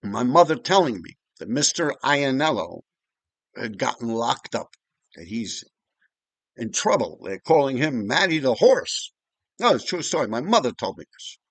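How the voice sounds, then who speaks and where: Rambling fifty-something New storyteller. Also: male voice, medium pitch, very animated, normal speed, a bit bright, no room sound. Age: 50s. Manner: rambling and profane, with frequent restarts and asides. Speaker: vlogger storyteller. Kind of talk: casual storytelling.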